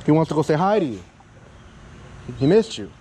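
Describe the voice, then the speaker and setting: A chatty male dog trainer coaching an owner outdoors. His voice sits a little high and sounds warm and mellow, with faint traffic in the background. He keeps checking in with "yeah?" and "okay?" and drops curses casually. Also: sing-song, normal speed, rough recording. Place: outdoors by a parking area with cars.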